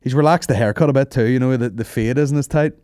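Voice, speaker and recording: A man's voice: mid-range voice, fast, dark tone, no room sound. A man hosting a comedy podcast, rambling and swearing freely in casual banter on a close mic. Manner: sweary, rambling, laughs at his own jokes. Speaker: podcast host.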